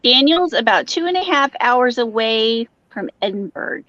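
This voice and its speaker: A woman hosting a live crochet show, chatting casually, going off on quick asides and reading viewer comments aloud. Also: a little high, animated, a bit bright, no room sound, lo-fi sound. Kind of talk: casual chat on a live video call.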